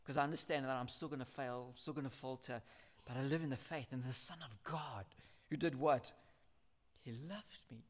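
A man preaching a sermon, earnest and emphatic, building points through repetition and reading scripture aloud slowly. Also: mid-range voice, steady tone.

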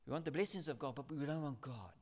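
A man delivers a sermon in an earnest, emphatic way, driving his points home through repetition and slowly reading scripture aloud. His voice sits on the high side with a somewhat dark tone.

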